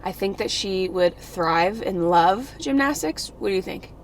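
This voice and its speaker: She's a young woman vlogging breathlessly, her mid-range voice unhurried and lively in intonation. The upbeat chat is full of "like" and "you know," with a slight hiss or hum audible.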